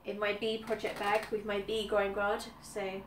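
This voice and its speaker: Uk woman rambling about her stitching, lots of ums, mid pitch, echoey room a bit off mic. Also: completely flat delivery, moderate pace. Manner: chatty, many ums, repeats herself. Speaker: cross-stitch vlogger. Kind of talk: casual chat. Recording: roomy echo, somewhat far from mic, faint background noise.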